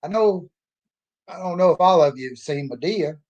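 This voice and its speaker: A man speaks in a slightly higher register. He tells a story in a folksy, blunt, opinionated way, as a casual monologue. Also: expressive, moderate pace, a little mellow, lo-fi sound. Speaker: author and speaker.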